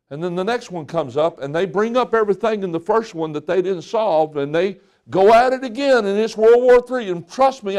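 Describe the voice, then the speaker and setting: A man's voice: high-pitched, a little mellow. A pastor preaching a conversational sermon to his congregation, acting out little exchanges between couples. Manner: conversational preaching with acted-out quotes.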